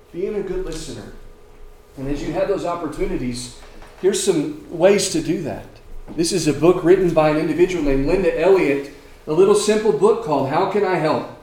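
A man preaching a sermon, moving between emphatic lines and quiet ones and asking rhetorical questions. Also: fairly high pitch, a little hiss or hum. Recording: echoey room with faint ambience.

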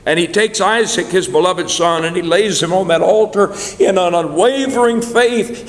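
A man's voice: on the high side, a little slow, vocal fry. A man preaching a sermon, telling a story dramatically with swelling emphasis. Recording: echoey hall.

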